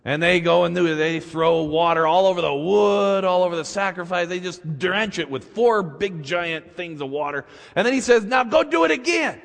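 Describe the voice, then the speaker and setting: A man preaching, retelling a story in an animated, colloquial way, in a church with long reverb. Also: fairly high pitch, moderate pace, creaky, few pauses. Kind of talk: sermon storytelling.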